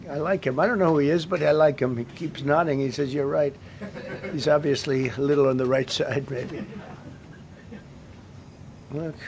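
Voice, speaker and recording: A man with a fairly high, somewhat raised voice that is gravelly and darkish in tone speaks off the cuff at a press briefing. He rambles, circles back and repeats points for emphasis, with a faint hiss of noise behind him.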